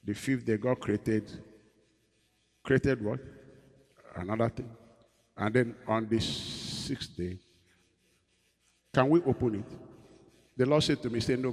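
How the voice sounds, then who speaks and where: A man preaching a sermon, quizzing his congregation and swinging between loud and soft in a rhythmic delivery. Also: medium pitch, husky. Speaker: pastor. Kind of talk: sermon with call-and-response. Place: church. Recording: echoey hall.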